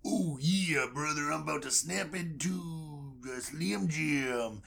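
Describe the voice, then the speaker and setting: A man voicing a boisterous, gravelly wrestler come back as an angel, growling his lines with bravado. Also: on the high side, takes it slowly, a bit bright, heavily acted. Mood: boastful.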